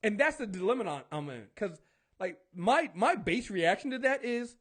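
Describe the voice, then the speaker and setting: A man's voice: sits high, sing-song, moderate pace, a bit bright, breathy edge. A man hosting a talk show, chatting casually and ranting with lots of profanity and acted-out exchanges. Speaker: podcast host. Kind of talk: casual chat.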